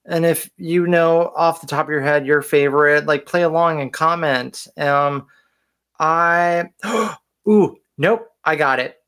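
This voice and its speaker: A man co-hosting a film podcast in casual chat. He talks in a joking, self-deprecating way. His voice sits a little high. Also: measured pace, fairly bright tone, clean tone. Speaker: podcast co-host.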